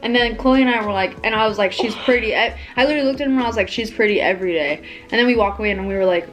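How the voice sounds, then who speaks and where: A woman's voice: medium pitch, racing, few pauses, lo-fi sound, faint music behind. A young woman guest telling a story in casual chat, rambling and saying "like" constantly. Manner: rambling, heavy use of "like". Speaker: vlog guest.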